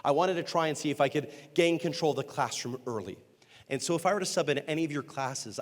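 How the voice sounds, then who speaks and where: A man giving a humorous storytelling keynote, acting out characters with quick voice changes and self-deprecating comic timing. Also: a little high. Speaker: motivational speaker and entertainer. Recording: long hall reverb.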